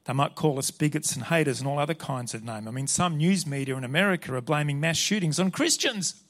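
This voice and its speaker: A pastor preaches a sermon, reading Scripture and driving his points home in an earnest, emphatic way. His voice is on the high side and he speaks at a quick pace.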